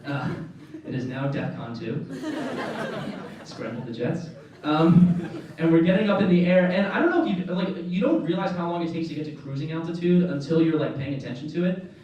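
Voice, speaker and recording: A young man doing stand-up on a club stage, his voice a bit higher than most, rambling through a story full of fillers and chuckling at his own lines. He sounds distant from the mic in a very echoey room, with an audience clearly audible behind him. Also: animated, moderate pace, dark tone, highs cut off. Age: young adult. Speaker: stand-up comedian. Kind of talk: stand-up comedy set. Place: comedy club stage, indoors.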